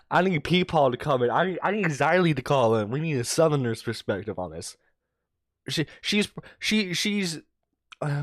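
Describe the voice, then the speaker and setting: A man's voice: medium pitch, no room sound. Gossiping male streamer, dry sound. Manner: gossipy, laughing, reads tweets aloud. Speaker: internet radio host. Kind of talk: casual stream commentary.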